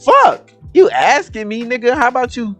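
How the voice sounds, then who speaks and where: A man putting on a cranky older navy admiral from a comic, yelling in a squeaky strained voice and swearing nonstop. The pitch shoots way up and he snaps like he's had enough of everyone. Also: sing-song, normal speed, no echo, faint music behind, full character voice. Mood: furious. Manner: shrill, cursing, exasperated. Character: fed-up older male navy admiral snapping at his boss.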